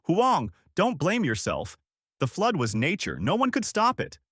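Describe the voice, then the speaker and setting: A man voicing a loyal young man who yells encouragement to a grieving friend. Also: medium pitch, sing-song, normal speed, no room sound, studio quality. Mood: urgent. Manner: yelling encouragement.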